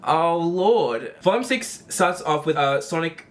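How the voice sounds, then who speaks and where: Guy rambling through a ranking vid, lotsa "like"s, kinda high voice, swears here and there. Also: animated, a little slow. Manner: rambling, filler-heavy, swears casually. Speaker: video creator ranking animations. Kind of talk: casual commentary.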